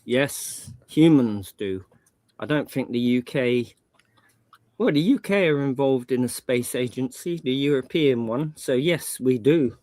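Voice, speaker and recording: A man's voice: mid-range voice, animated, unhurried, darkish tone, no room sound. A man chatting casually on a panel stream, rambling and slangy, often restarting his sentences. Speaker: panel guest. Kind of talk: casual chat.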